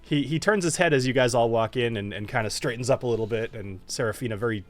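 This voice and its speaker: A man running a tabletop role-playing game as dungeon master, relaxed and self-deprecating, often laughing. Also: medium pitch, quick pace, faint music behind.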